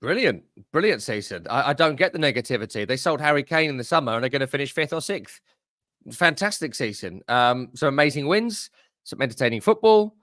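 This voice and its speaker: A man, a football expert talking bets in a blunt, opinionated, brisk casual chat. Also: mid-range voice, expressive, a bit bright, no room sound, clean studio sound.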